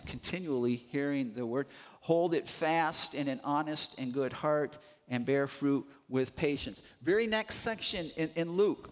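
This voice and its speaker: Guy pastor preaching, kinda high voice, hits words hard and repeats them, big church echo. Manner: emphatic, repeats words for stress. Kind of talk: sermon with scripture reading. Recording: long reverb of a large hall.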